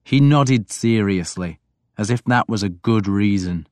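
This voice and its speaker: A man reading a first-person story as audiobook narrator, in a reflective, even manner. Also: fairly low pitch, unhurried, no room sound, clean studio sound.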